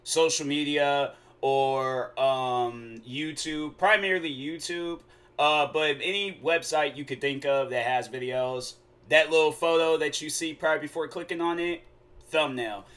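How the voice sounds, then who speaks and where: A young man talks through a solo podcast episode in a loose, rambling way, full of slang and mid-sentence corrections. His voice is bright and a little on the high side for a man. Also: fairly even intonation, measured pace. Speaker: podcast host. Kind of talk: casual solo podcast monologue.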